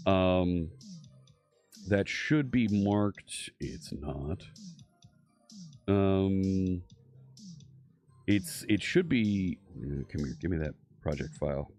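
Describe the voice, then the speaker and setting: Low-voiced man musing through code. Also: darkish tone. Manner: rambling, thinks aloud with many fillers and restarts. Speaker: live-coding streamer host. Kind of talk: casual live-stream coding chat.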